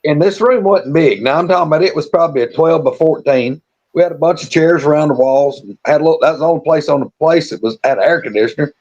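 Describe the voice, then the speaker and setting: A man's voice: a little high, quick pace, darkish tone, muffled recording. A man, co-hosting a live stream and telling a rambling, folksy story with restarts and chuckles. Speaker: storytelling co-host.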